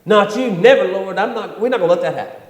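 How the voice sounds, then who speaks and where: A man voicing an eager, brash male disciple who protests in loud, slangy bursts, recorded in an echoey church hall. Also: high voice, fast talker, voice pushed up, close to an everyday voice. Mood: protesting.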